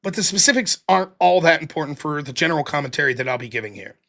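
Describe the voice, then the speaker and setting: A man's voice: a little high, rapid-fire, creaky. A man with a Pittsburgh accent, hosting a live stream and rambling casually with swearing. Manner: rambling, profane, lively. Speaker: livestream host.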